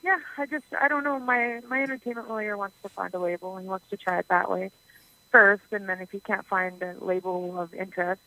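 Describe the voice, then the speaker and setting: A woman's voice: mid-range voice, steady tone, a little fast, bright, forceful tone, no room sound, low-quality recording. A young adult woman from Canada, a singer being interviewed, chatting casually and laughing often. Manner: giggly, talkative. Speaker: singer guest.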